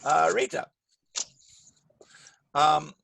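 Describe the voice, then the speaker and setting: A man teaching an English grammar class over a video call, speaking clearly and patiently and stressing the words he models. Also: fairly high pitch, lively intonation, extremely slow, fairly bright tone, dry recording. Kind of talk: online grammar lesson. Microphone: computer mic on a video call.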